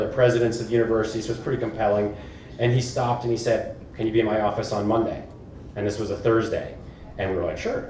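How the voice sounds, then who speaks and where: A man telling a startup founder story in a casual way, acting out the lines of the people in it. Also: mid-range voice. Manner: animated, acts out quoted dialogue. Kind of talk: anecdotal storytelling talk. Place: conference hall. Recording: roomy, distant mic, faint noise.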